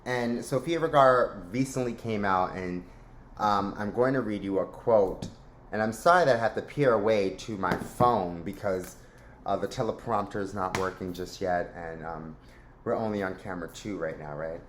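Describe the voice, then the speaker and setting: A man's voice: fairly low pitch, normal speed, a little hiss or hum. A man hosting a casual commentary vlog, rambling and chatty with a joking, lighthearted manner. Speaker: host. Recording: roomy echo.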